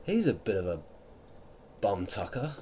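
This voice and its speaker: A man's voice: lowish voice, sing-song, measured pace, warm tone, highs cut off, a little hiss or hum. A British man giving live gameplay commentary, playful and silly, tossing out made-up words. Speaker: streamer.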